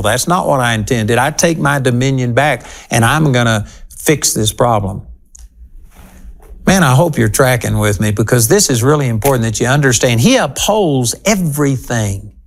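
Gravelly-voiced male Bible teacher. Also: mid-range voice. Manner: earnest, emphatic, conversational. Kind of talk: teaching sermon.

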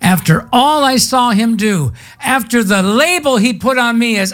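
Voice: medium pitch, lively intonation, a little slow, hardly any pauses, faint music behind. A pastor giving a sermon in a folksy, conversational storytelling way with casual slang.

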